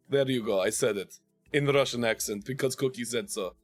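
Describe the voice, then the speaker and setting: A man's voice: medium pitch, fairly quick, soft background music. A man hosting his own game stream, tired after days of streaming, joking and self-mocking as he greets viewers. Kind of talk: casual banter while streaming a game.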